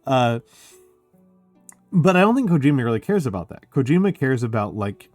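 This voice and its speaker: An excitable man chatting on a livestream, his pitch leaping all over as he talks. He swears freely and fills his speech with filler words. The sound is dry and close, with faint music underneath. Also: moderate pace, no echo. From United States. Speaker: streamer. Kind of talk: casual chat.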